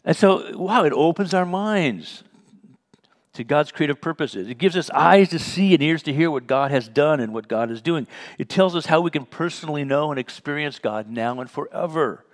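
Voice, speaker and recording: A Bible study leader with a voice on the high side speaks in an animated way at a moderate pace. His teaching is conversational, built around personal stories in which he acts out the dialogue with a chuckle.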